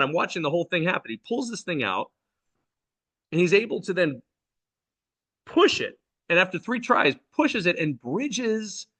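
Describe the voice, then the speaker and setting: Man, middle-aged, casual storytelling, rambling, bright tone, fairly high voice, animated. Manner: animated, jumps to high pitch quoting his own alarm; loose, rambling, many "like" and "right?" fillers. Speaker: spiritual channeling host.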